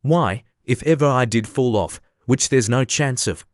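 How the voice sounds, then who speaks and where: A man voicing a pompous, self-important egg man who is quick to take offence, read as an audiobook character. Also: medium pitch, dry recording, clean studio sound, natural voice. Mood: haughty.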